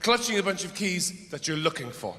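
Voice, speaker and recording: A man's voice: sits high, sing-song, brisk. Middle-aged male comedian, rambling and profane. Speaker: stand-up comedian. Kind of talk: live stand-up comedy. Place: theatre stage. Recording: echoey hall with crowd noise.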